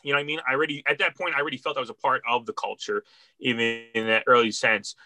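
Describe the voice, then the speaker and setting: This middle-aged man's mid-range voice is steady, bright and forceful, and he talks rapid-fire. He works at a record store in Philadelphia and tells heartfelt, rambling stories with many restarts during a casual interview.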